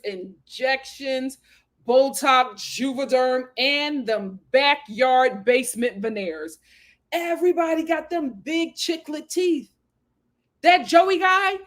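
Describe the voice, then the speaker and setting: Host: woman, high voice, animated and exclamatory, live recap chat reading viewer comments. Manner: animated, exclamatory, laughs often. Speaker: host of a reality TV recap channel.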